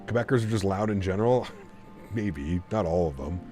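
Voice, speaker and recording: A low-voiced man chats loosely on a live stream, drifting between topics and reading viewer messages out loud. Soft music plays faintly behind him. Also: expressive, moderate pace. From Canada. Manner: rambling, reads chat messages aloud. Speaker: flight sim streamer. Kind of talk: casual live-stream chat.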